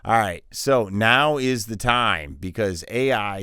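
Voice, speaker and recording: A man's voice: fairly low pitch, measured pace, hardly any pauses, sharp tone, smooth, no echo, studio quality. A male voiceover coach giving a casual online tutorial, upbeat and slangy, joking as he talks straight to the viewer.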